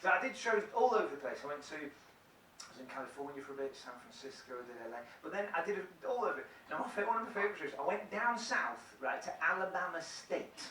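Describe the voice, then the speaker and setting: A man's voice: fairly high pitch, animated, fast, far from the mic. A man from England doing live stand-up, chatting with and teasing the audience and laughing at his own jokes. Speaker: stand-up comedian. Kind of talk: live stand-up crowd work. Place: large theatre on a cruise ship. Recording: echoey hall heard from afar, loud noise.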